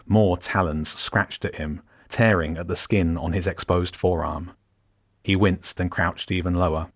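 A man narrating a storybook in a steady, measured reading voice. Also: deep voice.

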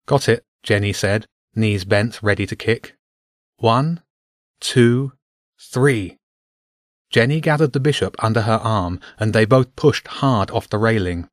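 A man narrating a children's adventure story aloud with an expressive reading. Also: lowish voice, normal speed, few pauses, dry recording, clean studio sound.

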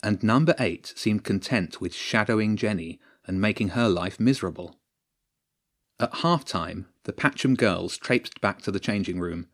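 A man narrating a children's story in a steady, measured way. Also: fairly low pitch.

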